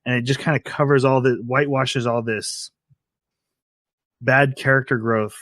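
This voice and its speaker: A man's voice: medium pitch, fairly even intonation, normal speed, fairly bright tone, dry recording. A man co-hosting a podcast, talking in a critical, thoughtful way and often laughing. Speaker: podcast co-host. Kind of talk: casual discussion.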